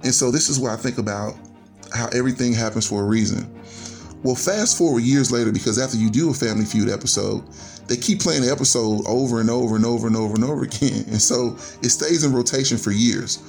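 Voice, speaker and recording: A man's voice: medium pitch, quick pace, vocal fry, a little mellow, faint music behind. A man in his forties telling his life story as a podcast guest, earnest and reflective, linking his thoughts with "and so". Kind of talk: personal storytelling.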